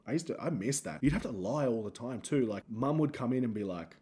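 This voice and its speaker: Australian man, podcast host, comedian, solo monologue, rambling, self-mocking, warm low-key voice. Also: expressive, fairly quick.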